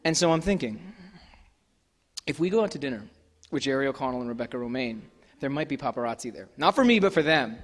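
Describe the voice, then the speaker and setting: A man's voice: medium pitch, lively intonation, fast talker, pauses often. A man in his thirties, an author telling funny stories to a live audience in a wry, self-deprecating, chatty way on a stage mic. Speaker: author and guest speaker. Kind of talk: comic storytelling to a live audience. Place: festival venue hall. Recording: long hall reverb.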